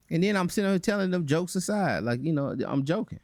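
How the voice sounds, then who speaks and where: Male host, reaction commentary, raised pitch, animated and mocking, dry close mic. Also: quick pace, dry recording. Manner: animated, mocking, breaks into voices to make points. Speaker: channel host.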